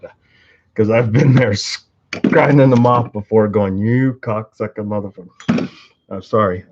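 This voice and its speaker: A tool and engine video maker gives a casual, rambling demonstration of his tools in the workshop, joking and cursing as he goes. His voice sits lowish and is a little mellow, with a slight hiss or hum. The audio is muffled, though the clicking comes through clearly.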